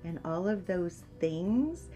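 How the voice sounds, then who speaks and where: Low slow-talking woman podcaster. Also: lively intonation, dark tone, soft background music. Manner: earnest, talks in stops and restarts. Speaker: podcast co-host. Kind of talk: casual podcast chat.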